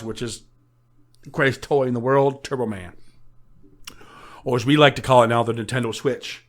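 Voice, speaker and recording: A man's voice: mid-range voice, a bit bright. A man on a podcast recapping a film in casual chat, swearing often, laughing a lot and acting out the characters' lines. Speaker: podcast co-host.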